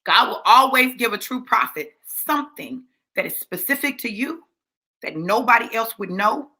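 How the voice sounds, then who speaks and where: A woman preaching with a sassy, chatty delivery, speaking to the congregation like a friend. Her voice sits a little high and sounds bright and forceful. She repeats key phrases to press her point home. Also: animated, moderate pace. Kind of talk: sermon teaching.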